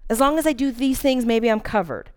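High, smooth-voiced woman preaching. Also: lively intonation, fairly quick, darkish tone. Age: 40s. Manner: earnest, candid storytelling with dramatic emphasis. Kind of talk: sermon.

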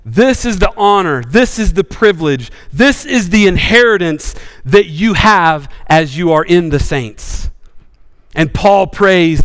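A male pastor preaching with passion, swinging from bold rises to sudden hushed drops. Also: sits high, expressive, measured pace, in a large hall. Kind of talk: sermon.

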